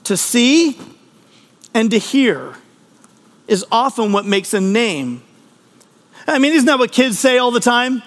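A man's voice: very high voice, expressive, slow pace, long pauses, a bit bright, in a large hall. A man giving a conversational podcast sermon as a pastor, earnest and personal, often restarting his sentences.

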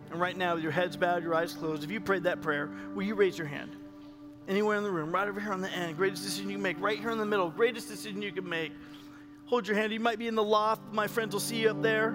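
Impassioned preacher in an echoey hall. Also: male voice, high voice, fairly even intonation, quick pace, music in the background. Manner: impassioned, swings from hushed to loud storytelling. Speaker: pastor. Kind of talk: sermon. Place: large church hall with a loft.

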